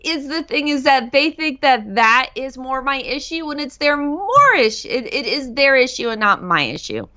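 A woman's voice: high-pitched, big pitch swings, normal speed, hardly any pauses, pushed and bright, highs cut off. A woman who stutters, speaking in a casual interview and catching on the starts of words, with many fillers. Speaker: guest speaker on stuttering and dyslexia.

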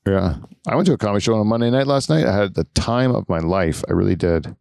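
A man's voice: lowish voice, fast, vocal fry, a little mellow, dry recording, clean studio sound. A Canadian man hosting a podcast, chatting casually and telling rambling, profane stories with laughs. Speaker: podcast host. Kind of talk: casual chat.

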